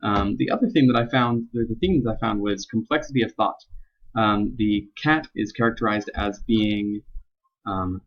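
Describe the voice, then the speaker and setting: Halting young man explaining a poem. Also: lowish voice. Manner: halting, many ums and restarts. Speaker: student presenting a poem analysis. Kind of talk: unscripted spoken explication. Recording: dull lo-fi recording.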